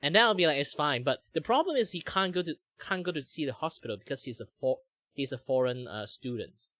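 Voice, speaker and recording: Ein junger Mann mit malaysischem Akzent, der im lockeren Plauderton abschweift, oft „like“ einstreut und lebhaft Stimmen nachmacht. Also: male voice, a little high, brisk, no room sound. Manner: rambling, many "like" fillers, animated impressions. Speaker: streamer host. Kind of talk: casual chat while drawing.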